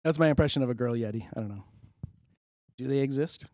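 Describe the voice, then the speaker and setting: A man's voice: mid-range voice, quick pace, a little mellow, no room sound, clean studio sound. A man doing a rambling, self-amused stand-up monologue into a handheld mic on a public-access show. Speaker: comedian host.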